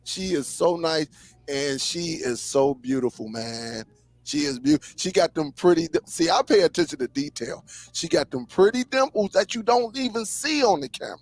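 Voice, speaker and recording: A man hosts a casual live-stream chat, his fairly high voice swinging up and down as he tells stories. There is a gravelly edge to it. The sound is dry and close. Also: dry recording. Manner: lively storyteller, drawn-out emphasis, frequent laughs. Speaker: host.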